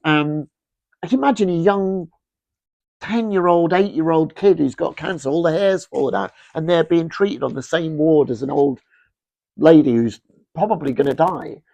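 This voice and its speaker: A middle-aged man, a fashion brand founder, telling rambling, animated anecdotes with lots of restarts in a casual interview. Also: fairly high pitch, moderate pace, vocal fry, no room sound.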